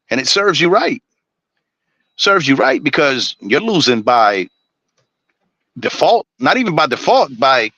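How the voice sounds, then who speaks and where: A man's voice: a little high, bright, forceful tone, breathy edge, no room sound, lo-fi sound. A man ranting on a live stream, blunt and preachy, swearing constantly. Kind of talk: profane ranting monologue.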